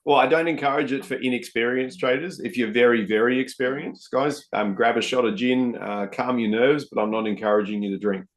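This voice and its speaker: A man's voice: medium pitch, steady tone, brisk, hardly any pauses. A man hosting a live trading session, chatting casually to viewers and calling them guys and mate. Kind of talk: live-stream trading commentary.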